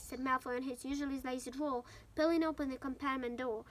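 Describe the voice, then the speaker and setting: High-voiced woman reading a novel aloud. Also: fairly quick, hardly any pauses. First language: Ukrainian. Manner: steady reading with occasional slips and restarts. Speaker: storybook reader.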